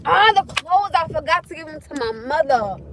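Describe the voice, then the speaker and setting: A woman's voice: sits high, moderate pace, very noisy. A young woman livestreaming from her car, chatting to her viewers and yelping in alarm at the road ahead. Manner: animated, swears and shrieks in alarm at the road; talks straight to viewers. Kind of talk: casual livestream chat.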